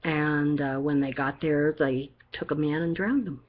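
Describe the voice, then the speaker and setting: An older woman talks through a card reading in a low, homey voice. She reassures the listener and keeps checking in with "okay?". The recording sounds dull and lo-fi. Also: steady tone, measured pace. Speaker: psychic reader.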